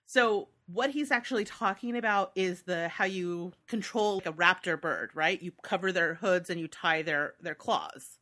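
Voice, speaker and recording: A woman's voice: fairly low pitch, moderate pace, hardly any pauses, pushed and bright. A woman co-hosting a podcast, chatting casually and enthusiastically about a book she loves. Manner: enthusiastic, reads passages aloud. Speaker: podcast co-host.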